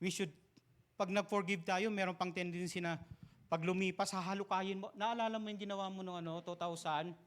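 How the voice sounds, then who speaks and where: High-voiced Filipino pastor preaching. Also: male voice, steady tone, quick pace, a bit bright. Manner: switches between English and Tagalog, emphatic storytelling. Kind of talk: sermon.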